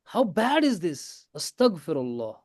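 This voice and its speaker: A man teaching a tajweed class in a classroom. He explains slowly, asks his students questions, repeats his points and switches into Hindi now and then. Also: sits high, wildly swooping pitch, darkish tone, no echo, studio quality. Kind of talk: classroom lesson.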